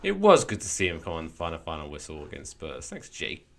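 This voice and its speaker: A man co-hosting a casual football podcast, animated and jokey. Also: rumbling low, a little fast, gravelly, a little hiss or hum. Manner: animated, jokey, puts on voices for quotes. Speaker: podcast co-host.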